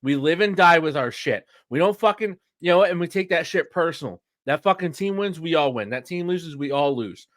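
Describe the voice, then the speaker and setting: A man's voice: fairly high pitch, animated, normal speed, hardly any pauses, fairly bright tone, no echo, studio quality. A man, co-hosting a podcast and ranting heatedly about sports with plenty of profanity. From Philadelphia. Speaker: podcast co-host. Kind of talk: casual sports chat.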